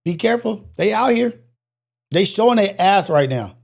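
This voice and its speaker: A man's voice: high voice, lively intonation, moderate pace, creaky, husky. A man hosting a live call-in show, ranting in a blunt, incredulous way and swearing freely.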